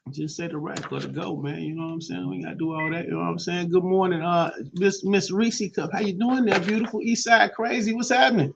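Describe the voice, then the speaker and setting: Gravelly slangy radio host man. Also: a little high, flat delivery, fairly quick, few pauses, muffled recording, slight background noise. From Chicago. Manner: loose slangy banter with shout-outs. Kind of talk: casual morning radio talk.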